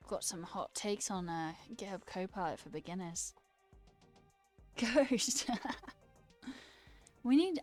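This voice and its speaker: A woman's voice: mid-range voice, a little mellow. A woman streamer in a casual, rambling live-stream chat, talking playfully with her viewers and answering their comments.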